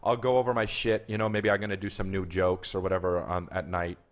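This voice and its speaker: A man bickering in comedic banter, deadpan, defensive and put-upon. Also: low voice, quick pace. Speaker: comedian guest.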